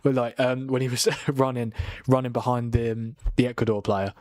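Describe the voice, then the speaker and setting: Excitable young man calling football live. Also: medium pitch, moderate pace, no echo, clean studio sound. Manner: excitable, swearing, laughing, talking to a co-viewer. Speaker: watchalong host. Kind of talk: live football watchalong commentary. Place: home at night, keeping quiet.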